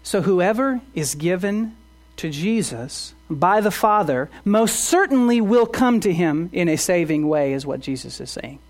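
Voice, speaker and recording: A man's voice: sits high, animated, a little slow, soft background music. A man preaching a sermon as pastor, earnest, asking the congregation rhetorical questions and often restarting his words.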